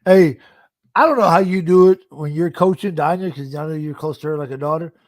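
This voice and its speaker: Man, fairly high voice, dry close sound, swears, laughs, casual talk. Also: dry recording. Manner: laughs often, swears, drawn-out. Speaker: podcast co-host. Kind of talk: casual chat.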